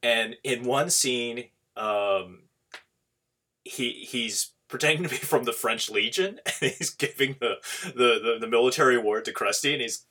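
A man's voice: medium pitch, measured pace, sharp tone. A man hosting a podcast in casual chat, rambling with many restarts and laughs. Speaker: podcast host.

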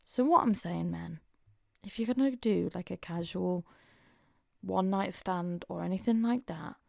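Frank gravelly-voiced woman podcaster. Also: lowish voice, unhurried, warm tone, dry recording, studio quality. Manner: frank and open, chatty with frequent fillers. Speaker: podcast host. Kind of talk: casual confessional chat.

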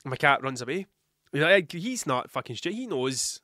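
A man's voice: fairly high pitch, expressive, fast talker, bright, forceful tone, no echo, clean studio sound. Sweary Scottish man with a cold. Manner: rambling, heavy swearing, blunt. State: has a cold, coughing. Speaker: podcast host. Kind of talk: casual monologue.

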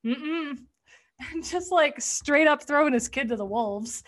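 A young woman co-hosting a casual podcast, recapping a comedy sketch in an animated way, swearing and acting out lines. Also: high-pitched, a little slow. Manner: animated, swearing, acts out quotes. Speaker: podcast co-host.

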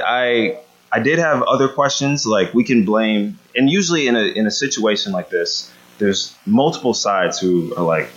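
A man's voice: lowish voice, fairly bright tone. A man giving a conversational sermon, often checking in with the room by asking "right?". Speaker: preacher. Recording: dull lo-fi sound.

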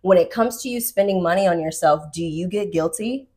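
A woman's voice: on the low side, a little mellow. A woman hosting a podcast in upbeat, affirming casual chat, often chiming in. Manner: upbeat, affirming, quick interjections. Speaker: podcast host.

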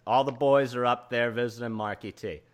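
A man's voice: mid-range voice, steady tone, normal speed. Male podcast host; jokey, ribbing, conversational lead. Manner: jokey, teasing, steers the conversation. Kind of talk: casual podcast chat.

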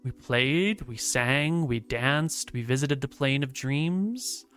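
A woman voicing a gentle, motherly female dryad who stays calm and unbothered. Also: very deep voice, slow pace, soft background music, full character voice. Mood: serene.

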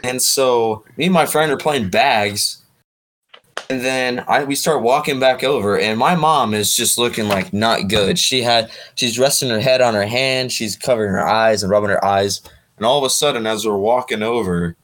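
Chill guy on a friends podcast, mid pitch, just telling what happened. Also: moderate pace, fairly bright tone, a little hiss or hum. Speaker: podcast co-host. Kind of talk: casual storytelling chat.

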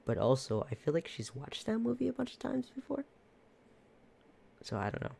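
A laid-back podcast host recounting a work story in a loose, rambling way, laughing often. The voice is dark and mellow, at a middle pitch. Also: huge pitch swings, normal speed, vocal fry, slight background noise. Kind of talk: casual storytelling.

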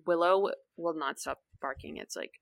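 A young woman co-hosting a podcast, telling stories in a relaxed, casual way and laughing easily. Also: low-pitched, normal speed, creaky, no room sound. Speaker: podcast co-host. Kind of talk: casual book discussion chat.

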